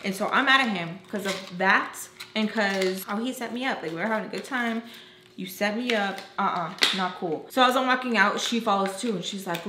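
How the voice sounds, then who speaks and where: A young woman tells a storytime from her own life and acts out each quote with lively energy. Her voice has an average pitch. It echoes around a room, and a faint hiss of noise sits underneath it. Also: a little fast. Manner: animated, acts out quotes, lots of "like". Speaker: storyteller vlogger. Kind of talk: casual storytime.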